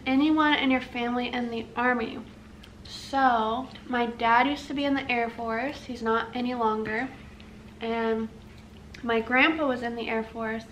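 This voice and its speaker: Young woman vlogger, slightly high voice. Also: a bit bright, slight background noise, rough recording. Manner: chatty, reads out questions. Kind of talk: casual chat.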